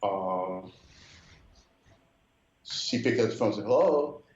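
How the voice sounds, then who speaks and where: A man's voice: low-pitched, fairly even intonation, slow. An older man from Brooklyn, New York, who is a guest telling a story in a conversation and often mimics other people's voices. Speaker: guest musician. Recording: slightly muffled, roomy recording.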